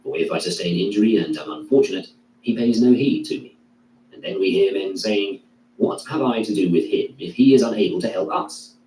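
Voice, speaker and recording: Male reader, dark tone, measured declaiming delivery of a classical text; roomy, echoey recording. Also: sits low. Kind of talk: reading a classical philosophy text aloud. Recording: echoey room, distant mic, faint hum.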